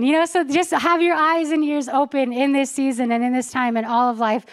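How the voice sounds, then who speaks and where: A woman's voice: sits high, brisk. Chatty woman preaching a casual sermon. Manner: chatty, storytelling with everyday asides. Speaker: pastor.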